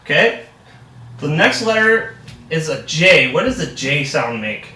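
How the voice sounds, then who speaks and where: A young man acts as a reading tutor, upbeat and full of praise. His voice is high and bright. The sound is roomy and captured from a distance. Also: very animated, unhurried. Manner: upbeat and encouraging, heavy praise. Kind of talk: practice lesson role-play. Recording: echoey room, distant mic.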